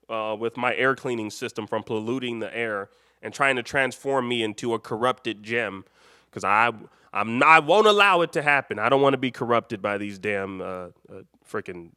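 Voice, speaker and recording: A man's voice: medium pitch, pushed and bright, clear, resonant tone, no room sound, studio quality. A man from Chicago hosting a late-night live stream, rambling and joking with the chat and laughing often. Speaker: live show host.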